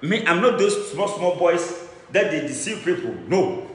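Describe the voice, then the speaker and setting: A boastful Ghanaian-accented man declaiming as a traditional priest, his voice high, bright and sharply animated. He repeats phrases and swings from shouts to low mutters. The sound rings in a roomy hall with long reverb. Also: a little slow, slight background noise. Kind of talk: fiery declamation. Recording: echoey room with long reverb.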